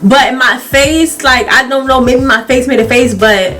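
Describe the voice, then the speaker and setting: Young woman vlogger, slightly high voice, chatty storyteller who keeps laughing, faint music behind. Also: moderate pace. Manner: animated, chatty, often laughing. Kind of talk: casual storytime.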